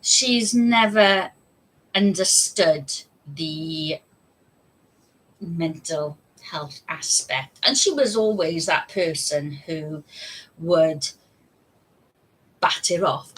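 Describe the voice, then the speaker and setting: Slow, chatty woman. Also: sits low, poor audio. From United Kingdom. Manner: chatty and candid, with frequent fillers and laughs. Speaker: live streamer. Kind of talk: personal storytelling on a live stream.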